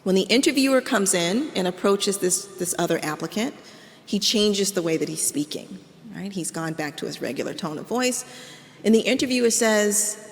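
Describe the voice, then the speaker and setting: Woman professor, public lecture, gravelly voice, long hall reverb, second-person storytelling. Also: mid-range voice, lively intonation, moderate pace.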